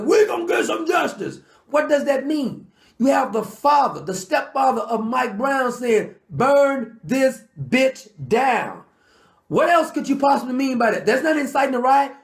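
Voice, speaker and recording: Give me a high-voiced man ranting in a sarcastic, combative commentary, sometimes shouting. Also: roomy sound. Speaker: political commentator. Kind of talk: angry monologue.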